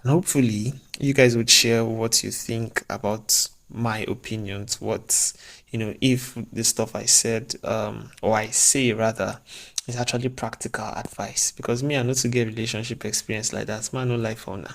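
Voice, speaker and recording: A man's voice: fairly low pitch, fairly even intonation, normal speed, creaky, a bit bright. A man giving casual relationship advice to camera, chatty and joking at his own expense. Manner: chatty, joking asides, laughs at himself. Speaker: vlogger.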